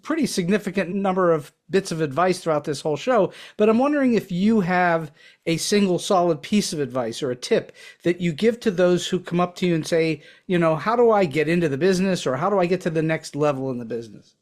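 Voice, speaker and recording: A man with a notably high voice hosts an interview, posing courteous questions at an unhurried, measured pace. He speaks plainly and politely. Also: animated. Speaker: podcast host. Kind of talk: interview hosting.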